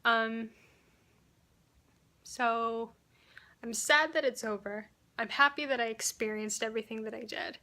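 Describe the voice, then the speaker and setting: A woman's voice: on the high side, a little slow, pauses often, bright, forceful tone. A woman vlogging casually, chatty and retelling conversations with plenty of "like" as filler. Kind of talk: casual vlog recap.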